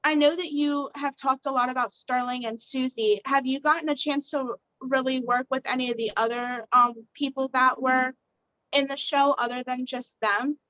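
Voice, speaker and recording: A woman's voice: high-pitched, fairly even intonation, normal speed, sharp tone, no echo, dull audio. A woman hosting a podcast, interviewing a guest with friendly, encouraging questions. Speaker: podcast host.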